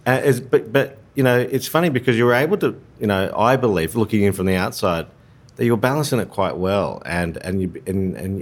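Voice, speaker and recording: Very low-voiced, effusive host. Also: male voice. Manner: effusive and complimentary, rambling questions. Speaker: podcast host. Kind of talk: casual conversational interview.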